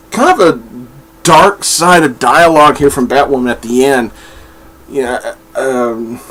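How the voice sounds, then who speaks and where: A man's voice: mid-range voice, fairly bright tone. A man chatting his way through comic book reviews at home, rambling with frequent fillers and restarts. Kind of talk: casual review vlog. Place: room at home with his dog.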